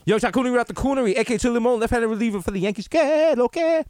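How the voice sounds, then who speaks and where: A man hosting a comedy podcast, riffing playfully in rapid-fire bursts. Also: very high voice, darkish tone, a little hiss or hum. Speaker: podcast host. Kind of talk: casual comedic chat.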